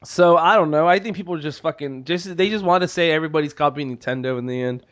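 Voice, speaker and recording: A man's voice: a little high, fast, fairly bright tone. A man co-hosting a podcast, talking loosely, trailing off and swearing casually. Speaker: podcast co-host. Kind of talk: casual chat.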